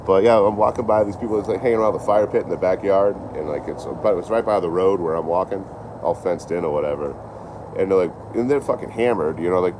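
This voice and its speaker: A young man with a very low voice tells loose, swear-filled road stories in a casual live-stream ramble. He is recorded outdoors on a phone, and clear background noise runs under his voice. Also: fairly quick. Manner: rambling, profane storytelling. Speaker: train-hopping traveler vlogger.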